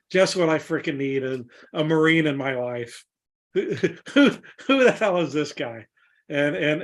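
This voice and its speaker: A man with a slightly high voice hosts a casual chat. He rambles and restarts often. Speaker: host, veterans group founder.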